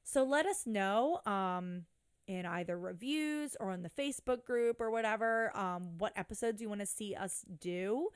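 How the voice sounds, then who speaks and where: A woman's voice: medium pitch, normal speed, clear, resonant tone. A woman co-hosting a podcast in casual, snarky chat, swearing freely. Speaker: podcast co-host.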